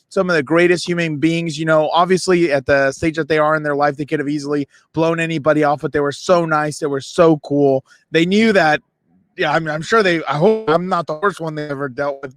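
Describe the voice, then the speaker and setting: Excitable high-voiced man telling a story. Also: no room sound, clean studio sound. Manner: animated, self-mocking, voices others in quotes. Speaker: podcast co-host. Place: radio row event booth.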